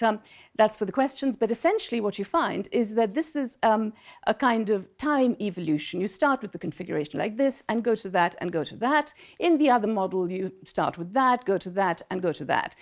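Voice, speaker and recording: A woman professor giving a conference lecture in a conversational way, with lots of fillers and self-interruptions, checking in with "okay?" and "yeah?". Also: medium pitch.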